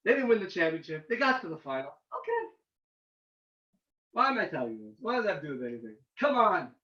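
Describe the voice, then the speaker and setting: A man, a rabbi, giving an animated informal talk to students, getting loud and excited as he tells a story. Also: high voice, fairly quick. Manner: excitable, shouts and cracks when reliving a game. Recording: roomy, distant, dull lo-fi sound.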